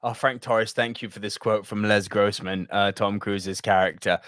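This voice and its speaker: A man co-hosting a movie podcast, talking in an excited, animated way and swearing often. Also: fairly low pitch, normal speed, hardly any pauses, clear, resonant tone, dry recording. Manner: animated, swears a lot, acts out film quotes. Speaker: podcast co-host. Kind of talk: excited casual chat.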